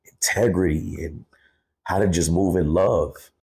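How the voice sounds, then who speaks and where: A man's voice: sits low, fairly even intonation, unhurried, vocal fry, darkish tone. A man in his thirties, a guest on a podcast, telling a personal story candidly, cursing freely and calling people bro. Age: 30s. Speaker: guest, hip-hop artist.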